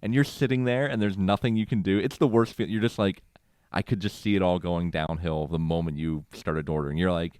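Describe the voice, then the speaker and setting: A man co-hosting a podcast, telling a story in animated casual chat and acting out quotes with frequent laughs. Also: low voice, brisk, clear, resonant tone, no room sound. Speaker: podcast co-host.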